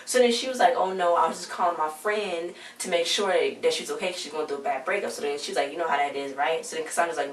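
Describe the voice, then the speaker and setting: A recap vlogger chats casually through a TV episode, using lots of slang and acting out the characters' lines as she retells scenes. Her voice is on the low side, quick, with few pauses, recorded on a roomy, distant home mic with faint noise.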